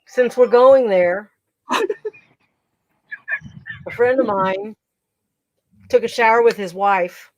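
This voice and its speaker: A woman's voice: on the high side, animated, drawn-out words, pauses often, dry recording, dull audio. A middle-aged woman hosting a livestream, chatting casually and telling bawdy stories with frequent laughter. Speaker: livestream host. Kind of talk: casual joke-telling chat.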